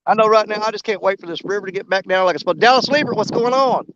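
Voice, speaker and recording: Speaking at a racing pace in a high register, a man hosts a fishing livestream outdoors by a river, rambling easily and welcoming viewers by name. Background noise is present and the highs are cut off.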